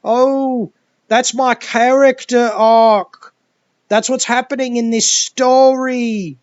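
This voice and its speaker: Brief: brash drawling male actor, voice pushed way up high, as a ranting man puts him on, dull dry recording. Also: fairly even intonation, takes it slowly, clean tone, no echo. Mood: mocking. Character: mocking caricature of a brash Australian male movie actor.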